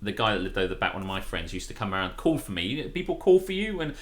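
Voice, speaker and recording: A man's voice: on the low side, fast. A man co-hosting a live-stream chat show, talking casually and jokily, often breaking into silly voices. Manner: animated, jokey, given to silly voices and laughter. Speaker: podcast co-host.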